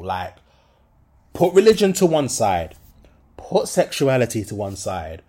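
A man's voice: medium pitch, wildly swooping pitch, a little slow, pauses often, mellow, slightly rough. A young adult man, hosting a solo podcast and talking candidly in slangy speech with many fillers. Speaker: podcast host.

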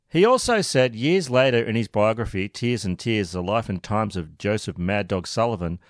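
Brief: male host, low and animated, sardonic true-crime narration, dry close mic. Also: dry recording. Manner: sardonic, expressive. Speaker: podcast host.

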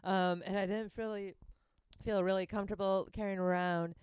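A woman's voice: medium pitch, fairly even intonation, moderate pace, a little mellow, clear, resonant tone, no echo. A young woman comedian from Wisconsin with a Wisconsin accent, chatting casually, laughing often and joking crudely. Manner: laughs often, bawdy jokes. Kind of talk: casual podcast chat.

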